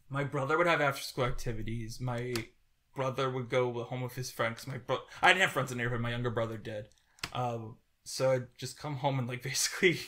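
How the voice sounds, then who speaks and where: A young man in his twenties co-hosting a podcast, rambling in a halting way with many restarts and getting teary as he talks. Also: medium pitch, bright, forceful tone. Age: 20s. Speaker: podcast co-host. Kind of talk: casual podcast chat.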